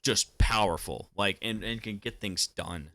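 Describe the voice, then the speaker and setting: Rambling low-voiced young man, dry sound. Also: unhurried, sharp tone, no room sound. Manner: rambling, filler-heavy, swears casually. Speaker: anime commentary YouTuber. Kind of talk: casual reaction commentary.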